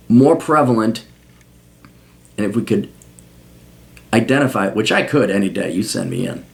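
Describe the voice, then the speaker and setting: A man hosting a podcast, ranting casually in a profane, sarcastic way. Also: mid-range voice. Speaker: podcast host.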